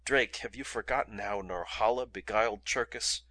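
A man voicing a forceful, commanding man who barks urgent orders. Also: on the low side, normal speed, no room sound. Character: forceful commanding man protecting his sister.

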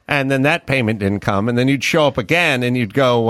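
A man's voice: mid-range voice, a little fast, hardly any pauses, a bit bright, no echo. A man co-hosting a podcast in a studio, telling long stories and acting out both sides of a conversation. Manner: rambling storyteller acting out dialogue. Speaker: podcast co-host. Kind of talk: casual talk-show banter.

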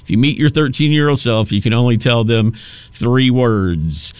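A man's voice: medium pitch, expressive, normal speed, clean tone, dry recording. A man in his fifties hosting a talk radio show, rambling through a casual monologue with many restarts and asides. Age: 50s.

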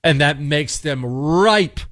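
A man's voice: a little high, lively intonation, slow pace, fairly bright tone. A man in his forties delivering an emphatic, sarcastic, preachy opinion monologue. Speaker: commentator.

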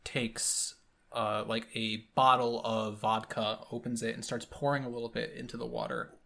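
A man's voice: mid-range voice, flat delivery, moderate pace, vocal fry, pushed and bright. A man from Michigan narrating a tabletop game as game master. He rambles and trails off, filling gaps with "uh" and "like" as he lays out the scene. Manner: rambling, filler-heavy.

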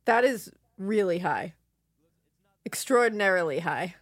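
A woman's voice: fairly low pitch, expressive, no room sound, studio quality. Chatty woman tossing in podcast asides. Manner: chatty, quick interjections and asides. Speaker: podcast co-host. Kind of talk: casual movie podcast chat.

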